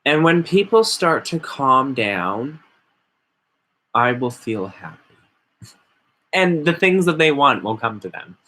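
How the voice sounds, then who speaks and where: A man's voice: medium pitch, big pitch swings, slow, pauses often, bright, forceful tone. A man hosting a casual, rambling chat while stoned, often mock-quoting other people. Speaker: host.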